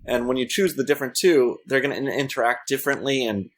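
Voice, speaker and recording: A mid-pitched man guesting on a podcast explains his game in a measured, dry way. A faint noise sits behind his voice. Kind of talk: casual podcast interview.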